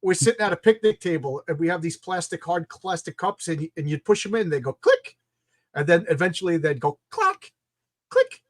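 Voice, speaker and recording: A man with a notably high voice telling a funny story, building it up with sound effects and a lively delivery. The recording is dry and close, with no room sound. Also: fairly quick, no room sound. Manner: vivid anecdote teller with sound effects. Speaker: livestream co-host. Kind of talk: casual comedic chat.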